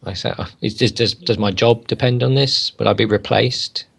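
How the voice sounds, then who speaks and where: A man's voice: medium pitch, steady tone, normal speed, gravelly, fairly bright tone, slightly rough. A man co-hosting a casual wrestling chat, playful and joking, often tagging his lines with questions. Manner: playful, joking, asks many tag questions. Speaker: co-host.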